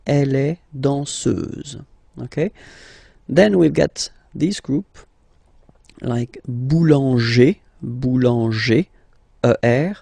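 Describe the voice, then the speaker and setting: A man teaches a language lesson at an unhurried pace, stretching each example word and checking in often. His voice is mellow and gravelly with some fry. The recording is dry and close, with no room around it. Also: medium pitch, no echo. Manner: patient, drawn-out example words, repeats "okay?". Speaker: French teacher. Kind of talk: language lesson explaining pronunciation.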